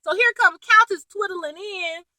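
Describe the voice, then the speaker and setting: A woman casually recapping a TV episode in a chatty, animated way, laughing and full of slang and asides. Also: extremely high pitch, normal speed, dry recording, low-quality recording. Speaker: TV episode reviewer.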